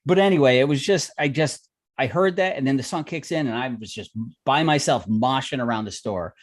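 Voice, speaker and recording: Brisk and medium-pitched, a podcast co-host rambles through long stories in a casual livestream chat, stopping to restart again and again and leaning on fillers. He's a veteran of the music industry and formerly worked in a record store.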